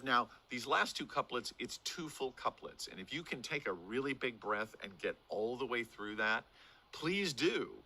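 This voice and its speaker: A man in his sixties, an acting teacher giving a lively lesson on speaking verse, demonstrating delivery and swinging his voice up and down for emphasis. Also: mid-range voice, a little slow, slightly rough.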